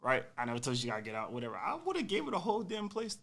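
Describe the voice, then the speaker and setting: A young man casually telling a personal story on a podcast, animated and full of slang, acting out what people said. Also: a little high, very fast. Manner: animated, slangy, acts out quotes.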